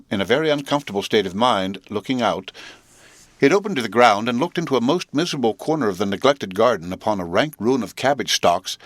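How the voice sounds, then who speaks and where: A man reading a classic novel aloud as an audiobook narrator, in a measured, deliberate manner. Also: lowish voice, dry recording.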